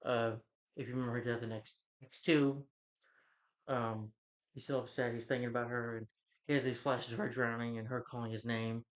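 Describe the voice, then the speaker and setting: A man's voice: mid-range voice, little pitch movement, moderate pace. Rambling man reviewing a movie, lo-fi. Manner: rambling, restarts, hums the score and quotes lines.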